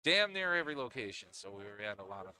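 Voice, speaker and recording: Chatty bright-voiced pool commentator man. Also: medium pitch, sing-song, fast talker. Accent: Northeastern Pennsylvania. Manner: chatty, laughs often, restarts phrases. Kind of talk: live sports commentary.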